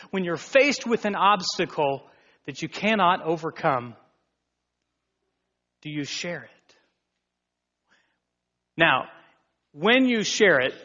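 A man preaches with a bright, forceful, fairly high voice, swinging from near whispers to loud exclamations. He takes his time and lets words hang. The recording is dull and carries a long hall echo. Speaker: pastor. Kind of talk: sermon.

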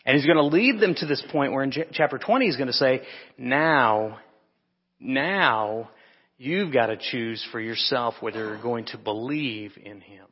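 A pastor giving a relaxed, conversational sermon to an evening congregation, pausing with fillers and correcting himself. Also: male voice, medium pitch, slightly rough. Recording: muffled, reverberant church hall.

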